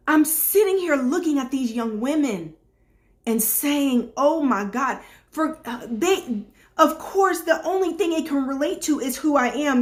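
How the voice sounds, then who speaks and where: Slow, high-voiced emphatic woman life coach. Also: animated. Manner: emphatic, repetitive preaching cadence. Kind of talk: motivational talk to camera.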